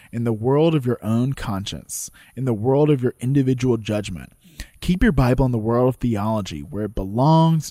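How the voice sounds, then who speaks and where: A man's voice: mid-range voice, warm tone, dry recording, clean studio sound. A man reading as a fiery courtroom orator. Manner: measured, dramatic oratory. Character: impassioned male courtroom orator.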